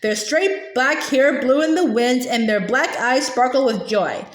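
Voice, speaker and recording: A woman reading a children's novel aloud gently, with small restarts now and then. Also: high-pitched, expressive, a little slow, echoey room. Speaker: storybook reader.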